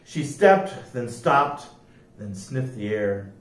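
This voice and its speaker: Man, library storyteller, slow reading, lively pitch, echoey room, distant mic. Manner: slow, lively rhyming delivery. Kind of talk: reading picture books aloud.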